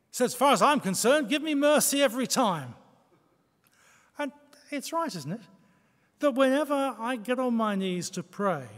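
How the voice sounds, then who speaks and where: A man's voice: very high-pitched, animated, moderate pace, pauses often, fairly bright tone. A man preaching a sermon in a conversational way, with rhetorical questions and self-deprecating asides. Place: church. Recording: long church reverb.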